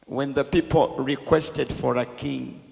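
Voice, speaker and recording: A man's voice: mid-range voice, steady tone, measured pace, creaky, a little mellow, long reverb tail. A man interpreting a sermon live, repeating each of the preacher's phrases right after him.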